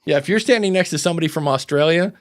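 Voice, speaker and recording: A man's voice: fairly high pitch, very fast. A middle-aged man hosting a podcast, telling stories in a rambling, casual way with frequent restarts. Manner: rambling anecdotal storytelling with many restarts. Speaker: podcast host. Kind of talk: casual chat.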